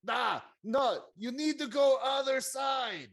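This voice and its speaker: A man voicing a bossy male game official who shouts rules in clipped, broken English, pitched well above his own voice. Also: animated, takes it slowly, creaky, full character voice. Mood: insistent.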